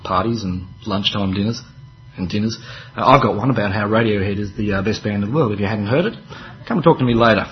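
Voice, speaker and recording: A man preaching with a wry, chatty delivery, leaning hard on key words and dropping into quieter asides. His voice sits at an ordinary male pitch. The recording sounds a little dull and lo-fi. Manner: conversational, wry preaching with dramatic emphasis and asides. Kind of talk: sermon.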